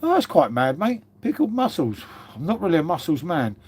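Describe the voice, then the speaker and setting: A man's voice: fairly high pitch, wildly swooping pitch, fairly quick, a little mellow, husky. A middle-aged English man with an English accent hosting a casual livestream, chatting with viewers in a matey way. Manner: chatty, matey, says "mate" a lot. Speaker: livestream host. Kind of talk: casual live chat reading viewer comments.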